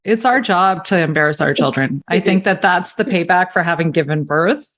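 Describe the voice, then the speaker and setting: A woman in her forties hosting a casual chat, laughing often and reacting quickly. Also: fairly low pitch, a bit bright. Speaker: podcast host.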